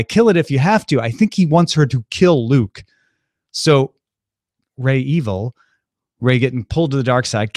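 A man hosts a casual podcast, recapping a film in a breezy, jokey way and now and then mimicking the characters. His voice sits fairly high. The sound is dry and close to the mic. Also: dry recording. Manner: breezy, jokey, slips into quick impressions of characters.

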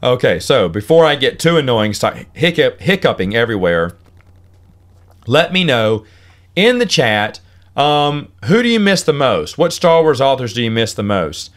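A man's voice: medium pitch, very animated, normal speed. A man hosting a solo podcast, chatting in a rambling way, restarting and repeating words, with hiccups now and then. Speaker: podcast host.

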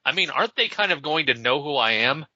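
A man reading aloud and voicing a cocky, questioning teenage boy sidekick, a bit higher than his own voice. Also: lively intonation, quick pace, pushed and bright, dry recording, heavily acted. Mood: incredulous. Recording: slightly dull lo-fi sound.

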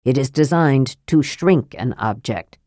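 A woman voicing a frail, sly male mage in an audiobook, with a soft, low, reproachful murmur. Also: unhurried, no room sound, studio quality. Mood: sardonic. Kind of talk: audiobook character voice.

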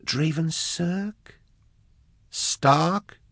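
A man's voice: fairly high pitch, very slow, fairly bright tone, no echo, studio quality, voice pushed up. A man voicing a shaken older male scholar who hesitates and gropes for words. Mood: uneasy.

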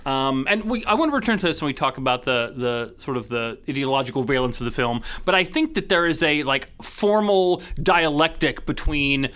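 A man's voice: medium pitch, animated, moderate pace, few pauses, fairly bright tone, smooth. A man co-hosting a podcast in casual chat, analytical with a wry edge. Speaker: podcast co-host.

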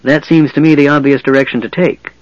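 A man voicing a calm, wise half-elf leader who speaks in a measured, firm way. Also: on the high side, no room sound, highs cut off, lightly acted.

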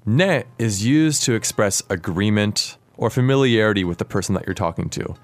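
Low-voiced man teaching a podcast lesson. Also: normal speed. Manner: clear, explanatory, asks his co-host questions. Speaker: language teacher and podcast host.

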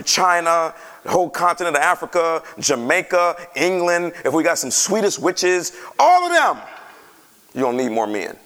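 With a slightly high voice, a man preaches to his congregation, reading scripture and slipping into lively, conversational asides to his listeners.

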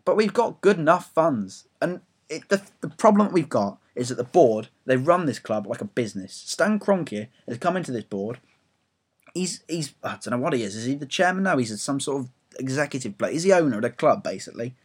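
A man's voice: medium pitch, very animated, a little fast, breathy edge. Rambling, swearing young English man. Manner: swearing, rambling, self-mocking. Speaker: football fan blogger. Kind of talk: ranting audio blog.

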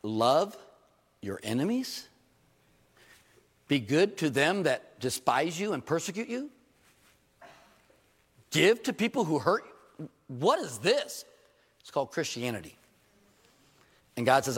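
Guy preaching in church, jokey and animated, asks the crowd stuff, long hall echo. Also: mid-range voice, moderate pace, pauses often. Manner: animated, joking preacher with rhetorical questions. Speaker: pastor. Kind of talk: sermon.

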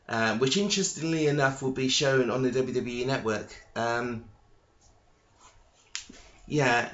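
Halting, hesitant man in an echoey room. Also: mid-range voice, a bit bright. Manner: hesitant, halting, full of ums and restarts, casual swearing. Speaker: podcast host. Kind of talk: solo podcast monologue. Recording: echoey, dull lo-fi room recording.

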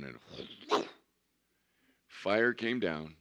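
Male pastor, very low and gravelly, conversational sermon delivery with slow stretched emphasis. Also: lively intonation, fairly bright tone. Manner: conversational storytelling, drawn-out emphasis.

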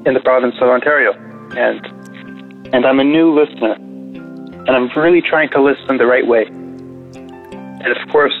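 A man from Canada calls in with a prayer request, emotional and halting, often repeating himself. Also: medium pitch, faint music behind. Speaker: caller. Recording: tinny phone line.

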